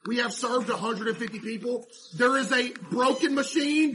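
Excitable high-voiced male streamer. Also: moderate pace, hardly any pauses, slight background noise. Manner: animated, mock-stressed, talks to chat. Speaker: streamer playing a laundromat game. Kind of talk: casual gameplay commentary to chat.

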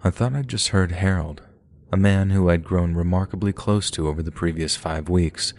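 A man narrating a first-person horror story in a steady, measured way. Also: sits low.

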